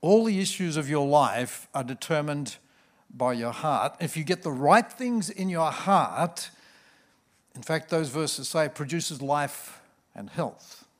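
A man's voice: fairly high pitch, lively intonation, takes it slowly. A man, a pastor preaching a sermon in church with joking, self-mocking asides. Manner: warm, humorous storyteller with self-mocking asides.

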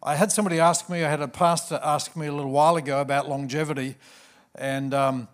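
A man's voice: on the high side, level tone, fast. A man, a pastor preaching a sermon in church with joking, self-mocking asides. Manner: warm, humorous storyteller with self-mocking asides.

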